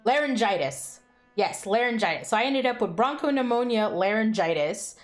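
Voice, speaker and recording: A woman's voice: on the high side, animated, moderate pace, soft background music. Chatty, salty-mouthed young woman streamer. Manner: chatty storytelling, swears freely, laughs often. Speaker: live streamer. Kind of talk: casual chat with stream viewers.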